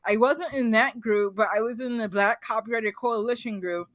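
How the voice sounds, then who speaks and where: A woman's voice: a little high, moderate pace, a bit bright, no room sound. A woman hosting an interview, talking casually and gushing with praise for her guest, laughing easily. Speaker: podcast host.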